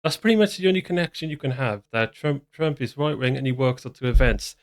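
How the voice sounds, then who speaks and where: A man's voice: medium pitch, lively intonation, fast talker. A man hosting a reaction commentary, talking casually in a sarcastic, mocking way with lots of restarts. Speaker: commentary channel host.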